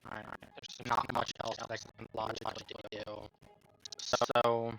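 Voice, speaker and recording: A man's voice: medium pitch, monotone, moderate pace, vocal fry, sharp tone, soft background music. A man playing in a tabletop game, working through his rolls carefully and apologizing for slips. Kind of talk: casual play at the table.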